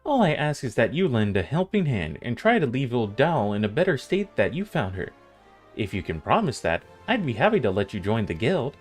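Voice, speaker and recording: A man voicing a wry, motherly female tavern owner and guild master, telling her tale in a slow, drawn-out way. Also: medium pitch, big pitch swings, soft background music. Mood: storytelling. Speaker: streamer reading game dialogue aloud.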